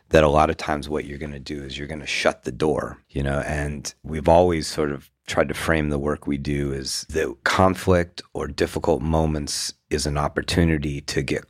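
A man's voice: very deep voice, dry recording, studio quality. A man in his thirties co-hosting a relationship podcast, reflecting on and summing up his partner's points. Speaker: podcast co-host. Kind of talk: casual relationship talk.

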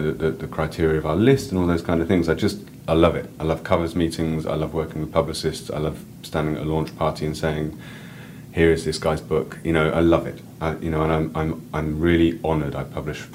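A man's voice: extremely low pitch, darkish tone, slight background noise. A man, an author and editor, talking casually in an interview, rambling and enthusiastic with frequent restarts. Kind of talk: casual interview and reading aloud.

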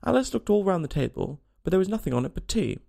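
Guy narrating a storybook, gravelly, pitch all over the place, bit high. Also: sing-song, fast talker, mellow. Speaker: reader.

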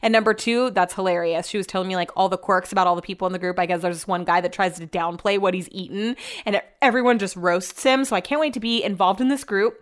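A young adult woman chats loosely to her audience in a casual vlog. She rambles from thought to thought in an upbeat, unscripted way and leans on "like" all the time. Her voice sits at an ordinary pitch for a woman. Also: fairly even intonation, fast talker, hardly any pauses. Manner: rambling, upbeat, chatty with lots of "like". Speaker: vlogger.

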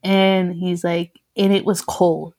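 A woman's voice: lowish voice, flat delivery, slow pace, a little mellow. Young woman telling a story. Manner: mixes English and Spanish, swears freely, laughs often. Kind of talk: casual chat.

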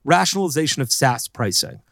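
This podcast co-host speaks a little fast in a mid-range, fairly bright voice with big swings in pitch. The casual chat rambles along with plenty of fillers and restarts, captured in a dry, studio-quality recording.

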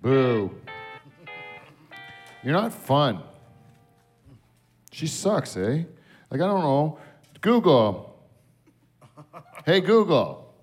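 A man's voice: a little high, very animated, extremely slow, pauses often, slightly rough, faint music behind. A man hosting a late-night show, bantering bluntly and swearing freely. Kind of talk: casual on-air banter.

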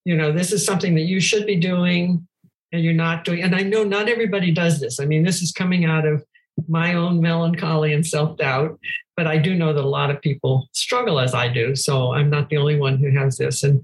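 A woman's voice: deep voice, rough recording. Thoughtful older woman musing on faith. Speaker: guest. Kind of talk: reflective conversation on scripture.

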